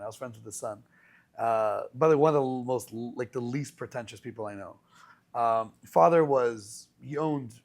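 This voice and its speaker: A man hosting a podcast as a rabbi, telling stories in a casual, animated way with many restarts. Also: mid-range voice. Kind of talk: casual conversational storytelling.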